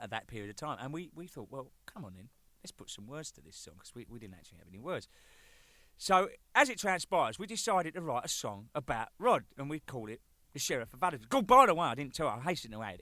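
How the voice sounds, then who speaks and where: A man in his thirties, the band's drummer, presents a record by telling cheeky, rambling anecdotes laced with swearing, all as a jokey monologue. His mid-range voice sounds bright and forceful, and there is no room sound.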